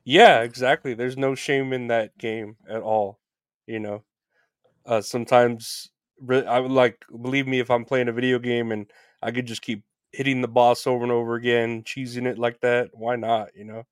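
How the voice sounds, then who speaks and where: Guy hosting a chill interview, kinda rambly, mid pitch, dry close sound. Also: level tone, moderate pace, clear, resonant tone, no room sound. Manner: rambling, restarts, swears casually. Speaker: podcast host. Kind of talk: casual interview chat.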